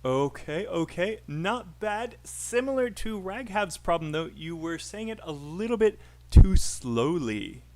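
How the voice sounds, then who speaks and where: A man's voice: high voice, animated, unhurried, hardly any pauses, darkish tone. A British man teaching an online English speaking class, coaching students with encouraging feedback. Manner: encouraging, coaching, filler-heavy.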